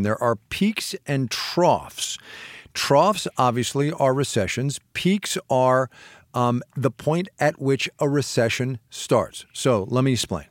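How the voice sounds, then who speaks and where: A man's voice: medium pitch, dry recording. A man co-hosting a podcast, explaining an idea in a casual, laughing way and often restarting his sentences. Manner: lively, laughing, self-interrupting explainer. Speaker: podcast co-host.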